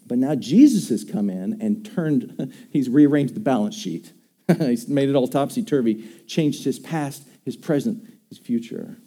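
A pastor preaches a sermon in a very dark, mellow voice of medium pitch. His tone is conversational, but he speaks with emphasis and keeps posing questions to his congregation.

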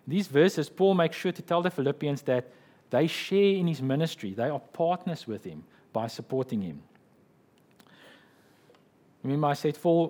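Husky-voiced male pastor preaching. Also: on the high side, darkish tone. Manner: explanatory, with frequent "okay" and "right". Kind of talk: sermon.

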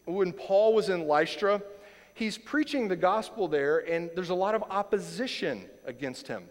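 Male pastor, fairly high voice, earnest emphatic sermon delivery, long hall reverb. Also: lively intonation, normal speed. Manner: earnest, emphatic, repeats lines for stress.

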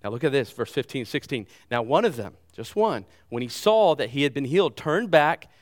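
A middle-aged man preaching a sermon as pastor, animated, with loud bursts and repeated words. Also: medium pitch, brisk.

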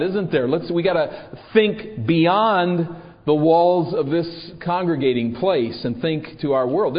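A man's voice: fairly high pitch, big-room sound, muffled recording. A man preaching a sermon, reading scripture and asking the congregation rhetorical questions. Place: church.

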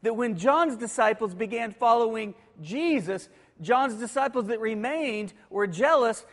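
A man preaching a sermon, moving between hushed, quiet passages and emphatic, rising declarations. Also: very high voice, animated, a little slow. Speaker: pastor. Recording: long reverb of a large hall.

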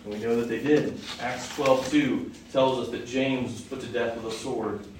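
A man's voice: mid-range voice, steady tone, normal speed. Male preacher, conversational teaching sermon, heavily echoing hall, mic well away from him. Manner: conversational, asks the audience questions. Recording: echoey hall from far off, faint noise.

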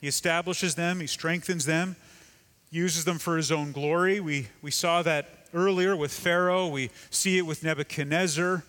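A man preaches a sermon with emphasis, sinking to a near hush to drive points home. His voice sits a little high for a man. A long reverb trails every phrase, as in a large hall. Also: steady tone, normal speed. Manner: emphatic, dramatic drops to a hush. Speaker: pastor.

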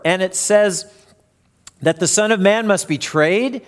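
High-voiced preacher telling a story. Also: male voice, measured pace, clear, resonant tone. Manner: storytelling, acts out quoted voices. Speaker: pastor. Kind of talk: sermon.

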